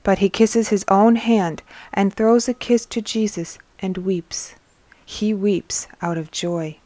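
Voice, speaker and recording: A woman's voice: mid-range voice, fairly even intonation, slow, mellow, no room sound. A woman hosting a religious teaching episode, reading a book aloud and stopping to explain what it means in an earnest tone. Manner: earnest, explains as she reads. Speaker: host and reader.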